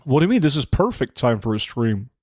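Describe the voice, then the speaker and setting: A man in his twenties chats casually on a livestream, replying to his chat as he plays, in a middle-pitched voice with wide pitch swings and a fairly quick pace. His tone is a little mellow, and the recording is dry and close-miked with no room sound.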